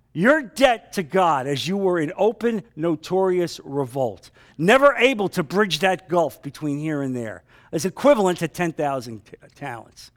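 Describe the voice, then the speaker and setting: A man pastor preaching a sermon, dramatic, sometimes dropping to a hushed, emotional tone. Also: high-pitched.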